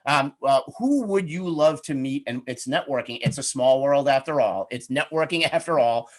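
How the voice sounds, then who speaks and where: A man's voice: on the high side, moderate pace, hardly any pauses, a bit bright. A middle-aged man giving a webinar on networking, talking in a chatty, upbeat way and acting out sample questions. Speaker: webinar presenter, networking coach. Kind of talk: conversational webinar talk.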